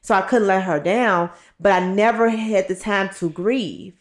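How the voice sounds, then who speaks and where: A woman's voice: mid-range voice, a little slow. A woman in her thirties, co-hosting a podcast and telling a personal story in a candid, blunt way, swearing freely and acting out what others said. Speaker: podcast co-host. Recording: roomy echo.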